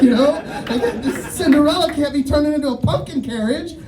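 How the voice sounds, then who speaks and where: Guy doing standup outside, swings his pitch all over doing voices, kinda far off and echoey, faint noise. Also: quick pace, few pauses. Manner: animated storytelling, acts out quoted voices. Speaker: stand-up comedian. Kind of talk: stand-up set. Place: outdoor show.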